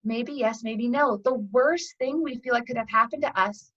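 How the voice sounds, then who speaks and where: A woman guest in an interview, telling a parable in a chatty, animated way with fillers, as a yoga teacher. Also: on the high side, normal speed, muffled recording. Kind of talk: storytelling a parable in conversation.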